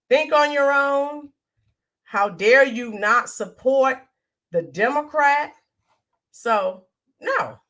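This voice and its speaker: A woman's voice: medium pitch, bright, forceful tone. A woman hosting a live stream, reading viewer comments in an indignant, emphatic way. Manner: indignant, emphatic, mocking quotes. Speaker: livestream commentary host.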